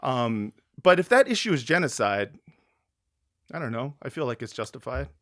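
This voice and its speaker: A man's voice: mid-range voice, sing-song, normal speed, a bit bright, dry recording. A man hosting a casual political podcast, talking bluntly and with frequent swearing. His delivery rambles, full of fillers and restarts, and the recording sounds dry and close. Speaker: podcast host.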